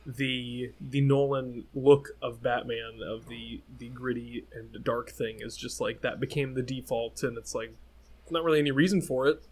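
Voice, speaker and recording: A man's voice: medium pitch, flat delivery, normal speed, husky. A man in his twenties co-hosting a podcast, chatting easily about films with fillers and frequent laughs. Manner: easygoing, laughs often, fillers. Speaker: podcast co-host. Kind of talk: casual film chat.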